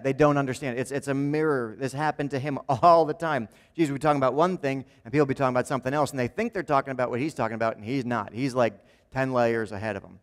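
A man's voice: medium pitch, quick pace, long reverb tail. A man preaching a sermon as pastor, talking conversationally and often checking in with "right?". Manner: acts out quoted speakers in changed voices. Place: church sanctuary.

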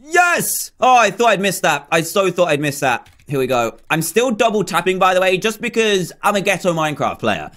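Animated young man gaming. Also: sits high, fairly quick, hardly any pauses. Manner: chatty, self-mocking, easily flustered. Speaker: gaming YouTuber. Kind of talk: let's play commentary.

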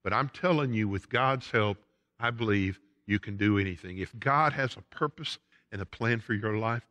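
A Southern US pastor preaches an emphatic sermon in a bright, forceful voice that sits on the low side, at a moderate pace. His intensity rises and falls, and the long reverb of a church sanctuary rings around him.

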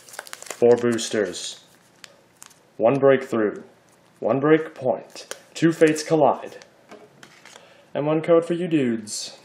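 A man hosting a casual card-opening video, chatty and excitable as he reads out card names. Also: mid-range voice, drawn-out words, long pauses, slight background noise.

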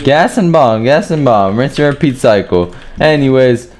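A young man giving profane, joking commentary over his gameplay, trash-talking other players and often breaking into yells. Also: mid-range voice, expressive, moderate pace. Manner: bursts into yelling. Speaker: gaming video creator.

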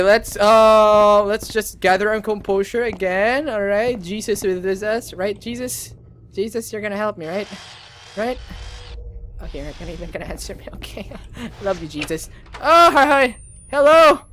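Young male let's player, animated and bright, easily spooked, heavy swearing. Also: sits high, slight background noise. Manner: jumpy, swears a lot, screams at scares. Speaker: gaming channel host. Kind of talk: horror game let's play commentary.

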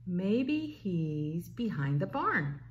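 A woman, a children's librarian, leading a slow, playful storytime for babies and toddlers and asking the little ones questions. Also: fairly low pitch, sing-song, lo-fi sound. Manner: sing-song, slow, playful, asks little listeners questions.

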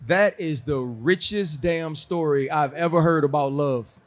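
A man's voice: a little high, unhurried. A man hosting a podcast, teasing his guest in slangy, emphatic casual banter. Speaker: podcast host.

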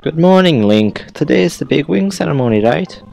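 A man's voice: fairly low pitch, fairly even intonation, moderate pace, warm tone, faint music behind, close to an everyday voice, low-quality recording. A man voicing a skinny, eager young male student in an odd put-on accent, reading game dialogue aloud. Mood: cheerful.

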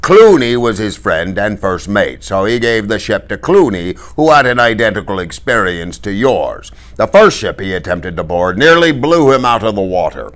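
A man voicing an older pirate captain who speaks briskly and commandingly. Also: fairly low pitch, sing-song, a bit bright. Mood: confiding. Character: jovial older male pirate captain, blunt.

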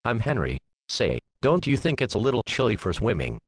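A man's voice: mid-range voice, very animated, brisk, slightly rough, no echo, studio quality. A man voicing a lazy, grumpy male bird who complains and bosses others around while doing nothing to help.

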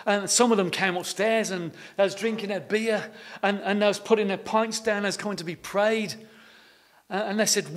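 A man's voice: high-pitched, fairly even intonation, normal speed. A man preaching a sermon, telling stories in a homely way and often repeating his words. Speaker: pastor. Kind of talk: sermon with storytelling.

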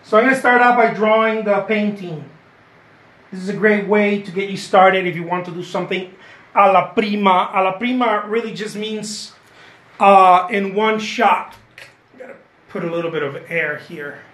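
A man's voice: sits high, normal speed, a bit bright. A man giving a live painting lesson, chatty and encouraging, repeating his points and often asking "okay?". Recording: roomy echo.

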